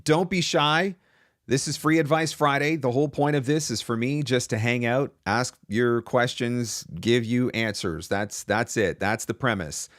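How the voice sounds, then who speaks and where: A man's voice: mid-range voice, fairly bright tone, no room sound, studio quality. A man hosting a live-stream Q&A, giving casual voice-over business advice in a loose, chatty way with frequent restarts.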